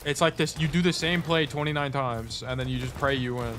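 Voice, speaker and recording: A man's voice: a little high, moderate pace, hardly any pauses, fairly bright tone. A man coaching a player through gameplay footage in a casual, blunt way, often repeating short commands. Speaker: game coach.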